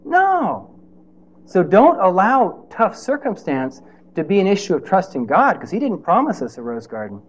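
A man's voice: high voice, huge pitch swings, normal speed. Conversational male preacher. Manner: conversational, rhetorical questions, playful asides. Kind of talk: sermon.

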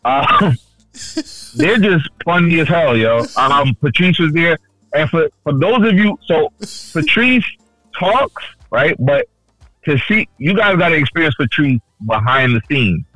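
A man co-hosting a casual podcast chat, telling stories loudly with lots of swearing and acted-out quotes. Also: a little high, measured pace, no echo, faint music behind, poor audio. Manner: animated storyteller, loud and swearing, acts out quotes. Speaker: podcast co-host.

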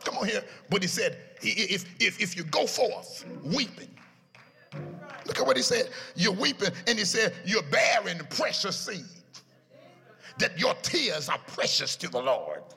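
A man preaching a sermon in a chanting, sing-song style, his voice rising into shouts at its peaks. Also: sits high, big pitch swings, unhurried, vocal fry. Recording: echoey hall with music behind.

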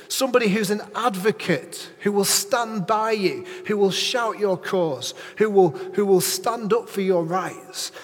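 High, husky preacher in a reverberant church. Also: male voice. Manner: lively, chatty, asks the congregation questions. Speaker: pastor. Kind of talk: sermon.

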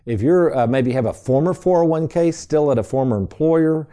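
Fairly high-pitched and mellow, the voice belongs to a middle-aged financial radio host speaking at normal speed. He chats through stories in a homey style, referring to listeners as folks.

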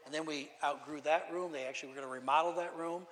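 A man's voice: on the high side, fairly even intonation, fast talker, a bit bright, big-room sound. A man pastor preaching a testimony sermon in a storytelling way, emotional and repeating his words.

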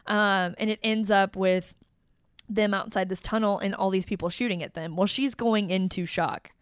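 A woman hosting a podcast, casually recapping a movie in an animated, laughing way with lots of fillers. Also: mid-range voice, normal speed, smooth, dry recording, studio quality. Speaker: podcast host.

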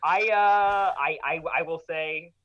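A man's voice: a little high, takes it slowly, fairly bright tone, lo-fi sound, slight background noise. A man in a casual podcast chat who talks enthusiastically, swears, and stammers through restarts.

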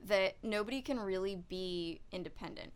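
A woman's voice: mid-range voice, moderate pace, clean tone. A young woman co-hosting a casual podcast chat, sarcastic and joking while drinking beer. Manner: sarcastic, joking, self-deprecating. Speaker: podcast co-host.

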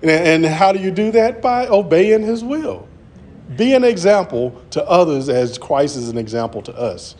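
A man's voice: fairly high pitch, animated, normal speed, darkish tone. A man preaching an earnest sermon, often restarting his words as he presses his points. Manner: earnest, repetitive, stammering restarts.

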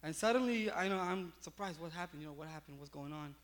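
High-voiced man preaching a lively sermon. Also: fast talker. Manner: animated storytelling with many fillers. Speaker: pastor.

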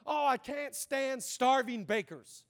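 A man preaching a live sermon as pastor, impassioned and swelling into shouted call-and-response. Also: extremely high pitch, slow pace.

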